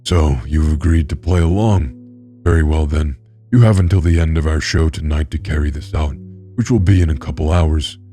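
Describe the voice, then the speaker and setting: A man voicing a sadistic male villain who hosts a dark-web show, cold, mocking and theatrical, in a horror story. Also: rumbling low, normal speed, soft background music, voice pushed down. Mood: menacing.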